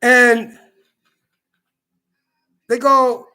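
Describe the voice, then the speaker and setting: A man's voice: very high voice, animated, moderate pace, bright, forceful tone. A man delivering a heated, profane monologue full of stumbling restarts, as a social media commentator. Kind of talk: ranting monologue.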